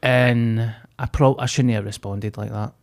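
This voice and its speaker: A man's voice: mid-range voice, steady tone, unhurried, a little mellow. A man, co-hosting a podcast and telling a vivid, sweary story in casual chat. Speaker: podcast co-host.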